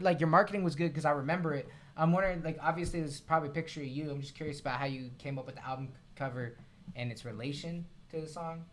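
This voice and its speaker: Laid-back chatty man, slightly high voice. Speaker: co-host reviewing beats. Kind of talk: casual livestream chat. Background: music playing.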